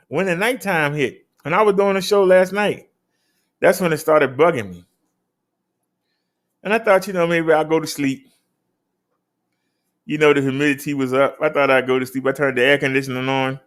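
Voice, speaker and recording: A man's voice: lively intonation, moderate pace, pauses often. A man hosting a casual show, reading out daily figures and chatting. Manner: emphatic, swoops up high on key numbers. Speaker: host.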